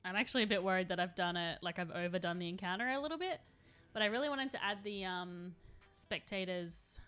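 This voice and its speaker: A woman's voice: on the low side, brisk, fairly bright tone, clear, resonant tone, faint music behind. A young adult woman chatting casually on a live stream while she paints, rambling and laughing often.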